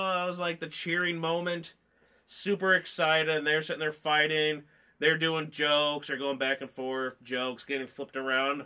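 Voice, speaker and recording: Guy rambling about a movie, teary and choked up, bright tense voice, lots of you knows. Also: a little high, level tone, moderate pace, clear, resonant tone. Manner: rambling, emotional, lots of fillers. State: tearful, choked up. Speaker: movie reviewer. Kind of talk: casual chat.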